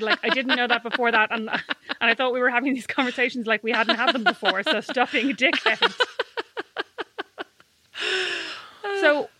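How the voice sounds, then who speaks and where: A woman co-hosting a podcast, bantering quickly and teasingly in casual conversation. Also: on the high side, pushed and bright, dry recording. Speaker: podcast co-host. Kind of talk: casual chat.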